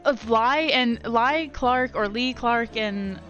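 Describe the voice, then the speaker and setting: A young woman giving casual commentary while she streams a game, animated and quick to laugh. Her voice is bright and forceful, with faint music underneath. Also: on the high side, dull audio. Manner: animated, laughs often, chats with viewers.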